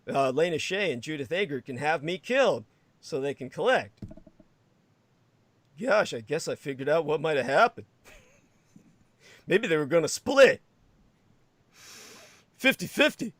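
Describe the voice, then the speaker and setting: A man's voice: medium pitch, dry recording. A man hosting a livestream, rambling in sarcastic commentary with frequent laughter and crude asides. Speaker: livestream host.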